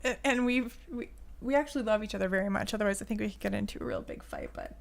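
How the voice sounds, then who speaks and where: Chatty woman with a gravelly fry. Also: medium pitch, quick pace. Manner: chatty, laughs often, tells stories. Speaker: podcast host, business coach. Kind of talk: casual podcast chat.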